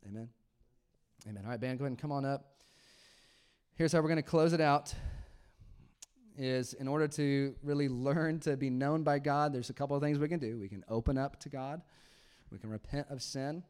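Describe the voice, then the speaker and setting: A man in his thirties delivers a sermon in a relaxed, conversational manner, with a voice of ordinary middle pitch. He swings between quiet, hushed stretches and loud, emphatic passages. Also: normal speed, clean tone. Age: 30s. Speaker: pastor.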